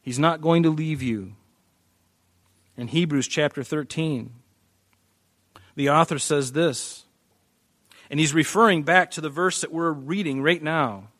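A man's voice: on the high side, measured pace, long pauses, no room sound, clean studio sound. A man preaching a verse-by-verse Bible teaching, emphatic and repeating words as he drives a point home. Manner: emphatic, repeats words, varies loudness for stress. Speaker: pastor.

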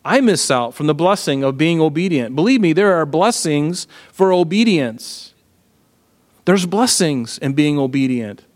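A middle-aged man preaching a sermon in a conversational, animated way, full of rhetorical questions. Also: on the high side, unhurried, long reverb tail. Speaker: pastor.

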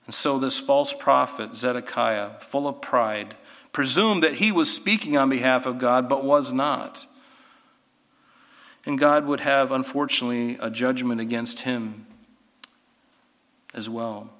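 Forceful man teaching scripture. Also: medium pitch, measured pace, long pauses, long reverb tail. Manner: animated, with sarcastic asides. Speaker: Bible teacher. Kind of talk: Bible study lesson.

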